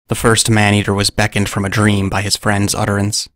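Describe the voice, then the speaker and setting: A man telling a scripted story in narration, with a dry, deadpan humor. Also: lowish voice, fairly quick, dry recording.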